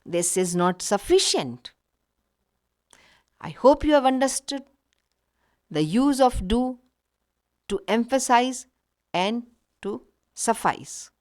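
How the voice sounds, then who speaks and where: A woman teaching a recorded grammar lesson, patiently explaining with many examples. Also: a little high. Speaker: English teacher.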